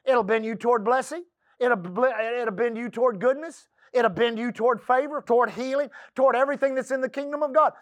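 A man from the Texas coast preaching a folksy sermon in church, calling out for amens and dropping into a soft low voice for quotes. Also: a little fast, dry recording.

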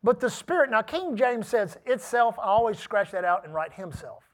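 A man with a high voice preaches an emphatic sermon, rising into shouts and dropping into quiet asides. He calls out to his congregation for responses as he goes. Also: expressive, moderate pace. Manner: emphatic, swinging between shouted peaks and hushed asides.

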